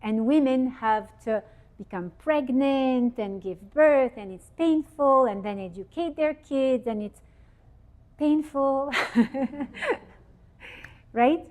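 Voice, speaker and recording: Lively woman giving a holiday talk. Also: high voice, slow pace, pauses often. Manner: lively, asks the audience questions. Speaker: speaker giving a Torah talk. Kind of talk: informal religious teaching. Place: event hall with audience.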